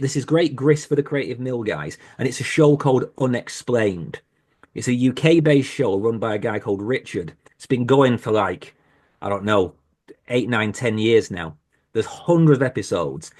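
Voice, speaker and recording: A man's voice: medium pitch, a little mellow. A man speaking as a horror podcaster on a panel, rambling and self-deprecating with many restarts, over a video call. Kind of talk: casual panel chat.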